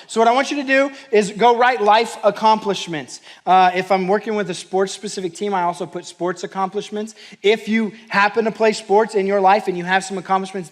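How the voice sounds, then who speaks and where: High-voiced man coaching a workshop crowd. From New Mexico, US. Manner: animated storytelling with quoted voices. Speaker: mental performance coach and pastor. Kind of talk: workshop talk. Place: church hall, live audience.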